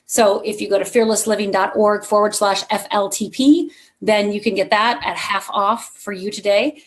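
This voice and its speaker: A woman's voice: mid-range voice, steady tone, moderate pace. A middle-aged woman giving a motivational keynote to a live conference audience, telling a personal story and speaking straight to the crowd.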